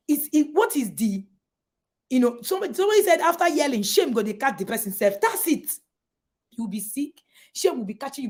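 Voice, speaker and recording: A middle-aged woman with a Nigerian accent giving an emphatic motivational talk to parents as a parenting coach, often raising her voice in mock shouts to make a point. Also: high-pitched.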